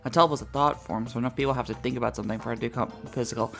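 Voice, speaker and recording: Excitable woman doing game commentary. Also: a bass voice, very fast, faint music behind. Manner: excitable, profane, mimics characters. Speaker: let's play host. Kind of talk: casual gameplay commentary.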